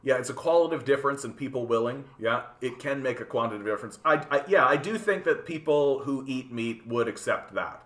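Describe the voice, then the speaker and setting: A man hosts a casual livestream and rants at his chat in an animated, profane way. His voice is bright and forceful, and he often repeats words while he works out his point. The sound is roomy, with echo from the space around him. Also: medium pitch, a little fast, hardly any pauses. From Canada. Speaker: livestream host reading chat.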